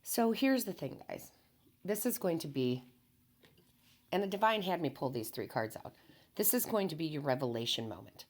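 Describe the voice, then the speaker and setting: A woman with a strikingly deep, low voice gives a spiritual motivational talk to her viewers as a tarot reader. She speaks calmly and earnestly, repeating her key phrases and keeping things unhurried and never hyped up.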